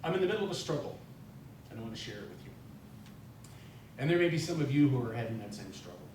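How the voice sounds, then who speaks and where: Male guest speaker from North Dakota, rambling and folksy, heard from a distance in a very echoey church hall with a faint rumble. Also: sing-song, fast, darkish tone. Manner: chatty, self-deprecating, many fillers and restarts. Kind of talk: informal sermon talk. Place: church sanctuary.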